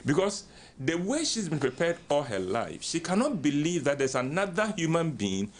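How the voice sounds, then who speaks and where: An older man with a Ghanaian English accent talks in a relaxed, counselling way. His pitch sits a little high and swings widely as he acts out the voices of the people in his stories, with frequent chuckles along the way. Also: normal speed. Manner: animated storyteller acting out quoted voices, chuckling often. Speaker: radio guest speaker. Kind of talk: relaxed counselling talk on a radio show.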